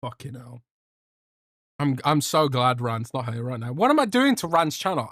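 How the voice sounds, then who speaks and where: Reading live chat on his laid-back podcast stream, this young host rambles, cracks jokes, curses often, and drifts off mid-thought. He speaks at a normal speed in a medium, expressive, fairly bright voice. The audio is clean studio quality without echo.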